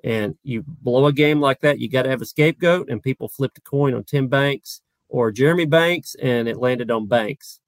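Man, co-host, gravelly voice, casual talk, dry mic. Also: medium pitch, no echo. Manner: chatty, quick, with fillers. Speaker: podcast co-host. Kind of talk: casual sports podcast discussion.

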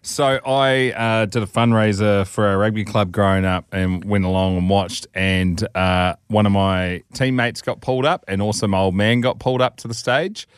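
A man co-hosting a podcast, telling stories casually, swearing freely and acting out quotes in loud, high voices. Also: steady tone, normal speed, few pauses, smooth, no echo, studio quality. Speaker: podcast co-host. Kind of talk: casual storytelling chat.

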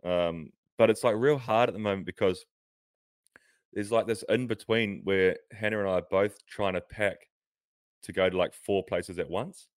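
This podcast co-host, a professional cyclist, chats casually from a near-empty house, perched on a bed, wandering off topic and laughing often. He speaks at normal speed in a fairly low, steady voice, captured as clean studio sound with no room sound.

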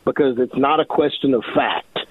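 A man's voice: medium pitch, moderate pace, slightly rough, dry recording. Indignant man on a tinny phone line. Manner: indignant, emphatic, repeats himself. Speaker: lawyer guest. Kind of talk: radio call-in interview.

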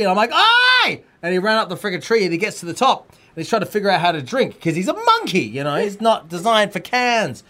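Animated Australian man telling stories. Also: high voice. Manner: animated storyteller, swings into loud outbursts. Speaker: co-host. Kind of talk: casual chat.

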